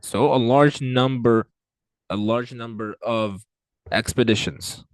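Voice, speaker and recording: A man teaching an exam reading lesson, working through answers aloud with frequent fillers, restarts and swings in pitch and loudness. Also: takes it slowly, no echo. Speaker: IELTS tutor. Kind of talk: screen-recorded reading lesson.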